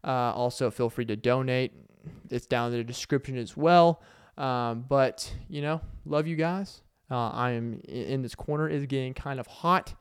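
A man's voice: medium pitch, moderate pace, clear, resonant tone, no echo, clean studio sound. A young man with a Southern accent hosting a solo podcast, earnest and rambling, with many ums and uhs. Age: young adult. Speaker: podcast host and stand-up comedian. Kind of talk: casual solo podcast talk. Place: corner of a warm room.

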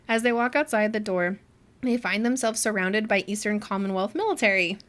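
A woman co-hosting a casual book club podcast, retelling scenes in an animated way and acting out the characters' lines. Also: mid-range voice, moderate pace. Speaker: podcast co-host.

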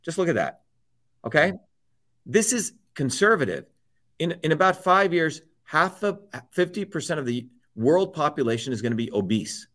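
A middle-aged male guest delivers a heated political rant, swearing constantly and hammering the same points over and over. His voice is on the high side and fairly bright, very animated, at a moderate pace.

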